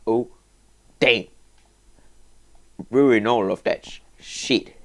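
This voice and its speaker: Gravelly, excitable young gaming commentator man. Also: measured pace, pauses often. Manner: rambling and excitable, with sudden high yelps and whoops. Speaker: gaming video host. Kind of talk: casual let's-play commentary.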